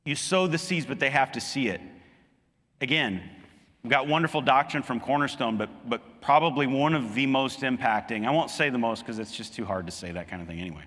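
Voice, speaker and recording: A man delivers an earnest sermon in a bright, forceful voice. He presses his points by pushing higher and louder. The sound carries a long reverb, as in a big hall. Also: fairly quick. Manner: earnest preaching, rising emphatically on key points. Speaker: pastor.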